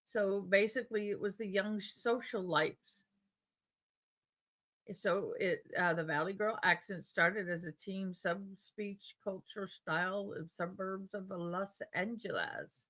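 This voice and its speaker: A woman's voice: mid-range voice, slow pace, a bit bright. Chatty woman with a Tidewater accent. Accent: Tidewater Virginia. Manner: rambling and chatty, reads comments aloud. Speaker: live stream host. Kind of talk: casual live stream chat.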